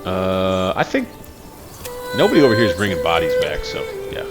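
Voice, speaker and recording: A man hosting a gaming channel, giving relaxed, rambling commentary on his gameplay. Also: low voice, normal speed. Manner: relaxed, rambling, with fillers and self-corrections. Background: game music.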